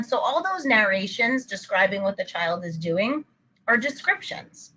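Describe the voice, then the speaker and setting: A woman's voice: mid-range voice, very animated, a little slow, pushed and bright, dull audio, slight background noise. A woman therapist giving a webinar lesson for parents, explaining and modeling upbeat praise phrases. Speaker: child anxiety therapist. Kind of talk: webinar presentation.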